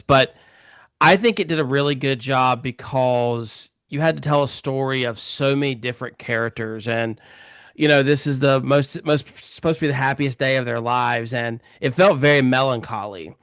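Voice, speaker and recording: A man's voice: mid-range voice, moderate pace, a bit bright, clean tone, no room sound, studio quality. A man co-hosting a casual film discussion, talking in an agreeable, reflective way with frequent fillers. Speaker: podcast co-host.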